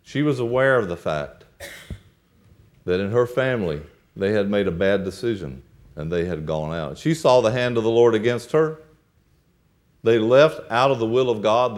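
A male preacher retelling a Bible story in a sermon, acting out the characters' lines as he goes. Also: mid-range voice.

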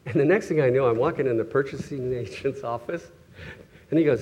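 A middle-aged man preaches in an easy, chatty way, with a voice of middle pitch. He stumbles, restarts and chuckles as he tells stories, and he changes his voice when he quotes the people in them. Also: fast, a little mellow, dull audio. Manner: conversational, self-correcting, chuckles often, acts out quoted voices. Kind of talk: sermon with personal stories.

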